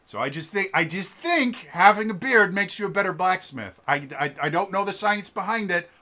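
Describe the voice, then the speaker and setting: A vlog host with a high-sitting voice, lively intonation and a sharp tone talks at normal speed. He tells a long story casually and ramblingly, with many fillers and restarts, playing out each quoted person's words.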